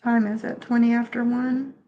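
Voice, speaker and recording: A woman hosting a live stream, her voice pitched a little on the high side. She chats loosely with her viewers, thanking them by name and reacting to what they write in the chat. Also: level tone, normal speed, highs cut off. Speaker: livestream host.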